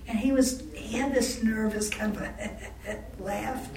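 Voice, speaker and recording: A woman's voice: fairly high pitch, fairly even intonation, slow, darkish tone. Blunt woman telling her story, distant mic. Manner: blunt, outspoken. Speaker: interviewee. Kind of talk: oral history storytelling. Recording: roomy echo, distant mic, faint background noise.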